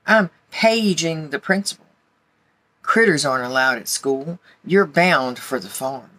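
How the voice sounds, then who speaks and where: A woman reading aloud plays a firm but kind schoolteacher from a picture book. She speaks with a bright, clear voice at an unhurried pace. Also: low-pitched, animated, full character voice, poor audio.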